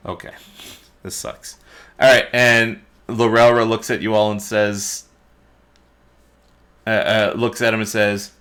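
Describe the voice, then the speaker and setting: A man narrating as dungeon master of a tabletop game, relaxed and unhurried with small hesitations. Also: fairly low pitch.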